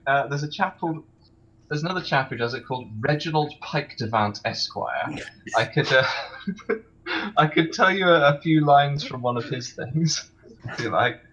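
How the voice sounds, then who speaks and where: A man's voice: a little high, expressive, moderate pace, fairly bright tone, highs cut off. A man with a British accent in casual chat, chuckling often and restarting his sentences.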